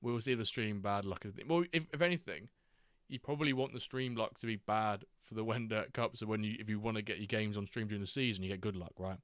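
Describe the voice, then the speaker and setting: A man hosting a live game stream, chatting casually, greeting viewers and reacting excitedly to player stats. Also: fairly low pitch, no room sound, clean studio sound. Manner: chatty, reacts to chat readers by name, quick excited asides. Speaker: streamer host.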